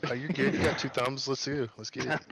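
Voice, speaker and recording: A man telling a gaming story to friends on a voice call, animated and laughing through it. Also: mid-range voice, a little fast, vocal fry, husky, rough recording. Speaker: gaming friend sharing memories. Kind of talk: casual group voice chat.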